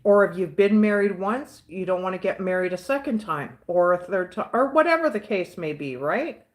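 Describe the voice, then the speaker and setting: A woman's voice: mid-range voice, lively intonation, normal speed. A woman with a Southern US accent chatting casually with her live viewers, outspoken and rambling, often repeating herself. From Southern United States. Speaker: livestream host answering chat.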